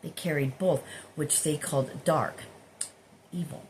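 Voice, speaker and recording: A woman with a fairly low voice talks casually at home about spiritual things, rambling and swearing as she goes. A faint hum of room noise sits under her voice. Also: steady tone, measured pace, a little mellow. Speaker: spiritual healer vlogger. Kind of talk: casual spiritual musing to camera.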